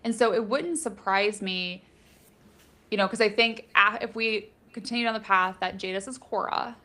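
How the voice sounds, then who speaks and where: A woman's voice: mid-range voice, moderate pace, sharp tone. A woman co-hosting a casual live book discussion, speculating in a chatty way with many fillers.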